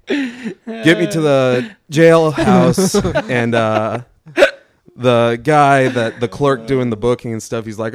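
A man in his twenties, a guest on a casual podcast, telling a story in a laid-back, deadpan way. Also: medium pitch, normal speed.

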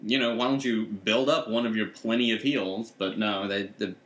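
This male podcast co-host rambles through casual chat, often trailing off and starting over. His voice is fairly low and steady, at a normal speed with a fairly bright tone. The recording comes from an echoey room, giving his voice a roomy sound.

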